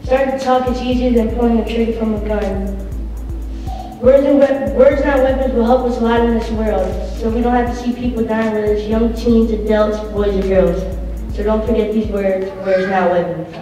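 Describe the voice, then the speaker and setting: A woman's voice: a little high, fairly even intonation, normal speed, warm tone. Give me a teen girl earnestly reciting a slam poem with a long hall reverb. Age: teens. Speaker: student slam poet. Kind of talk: spoken word poetry performance. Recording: echoey hall from far off with music.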